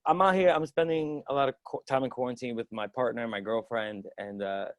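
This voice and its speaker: A young man from the Dominican Republic doing a loose, animated stand-up set from his home balcony, acting out quoted voices. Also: mid-range voice, fairly quick, dry recording. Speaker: stand-up comic. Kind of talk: stand-up set on a video stream.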